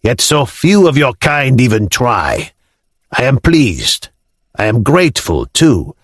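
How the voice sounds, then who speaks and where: A man voicing an older male Norman lord with a deep voice, blunt and commanding in manner. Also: very animated, slow pace, slightly rough, no echo, clean studio sound, exaggerated voice. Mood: amused, probing.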